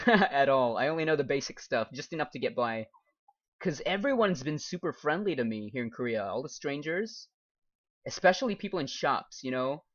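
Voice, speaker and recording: A young American man who streams games and teaches English chats casually during a live gaming stream, reading viewer comments aloud and laughing often. His voice is medium-pitched and a bit bright, and the lo-fi stream audio sounds dull.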